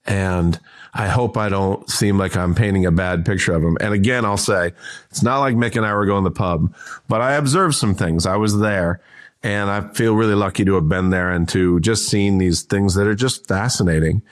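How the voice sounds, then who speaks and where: Lower-voiced man telling stories. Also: normal speed. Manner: animated anecdotal telling with frequent restarts. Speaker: guest, entrepreneur and author. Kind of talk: casual interview storytelling.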